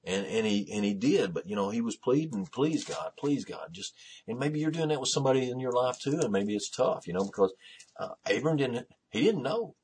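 A man's voice: mid-range voice, lively intonation, a little fast, darkish tone, a little hiss or hum. A man preaching a sermon in a conversational, repetitive way, with many restarts, who rises to fervent emphasis.

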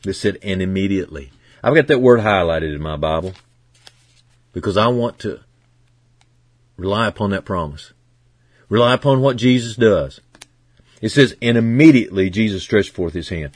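A male pastor delivers a sermon in a lowish voice, earnest and heartfelt. He drops to near-quiet, then builds to loud, emphatic declarations. The sound is dry and close, with no room echo. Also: lively intonation, moderate pace, pauses often. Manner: earnest preaching that swings from hushed to loud and emphatic.

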